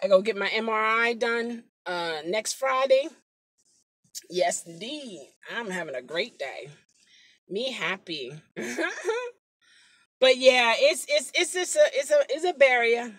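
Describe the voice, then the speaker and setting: A rideshare driver chats on a live stream from her car, speaking into her phone's mic in a fairly high voice at a measured pace. She tells animated stories packed with exclamations, and the recording is dry.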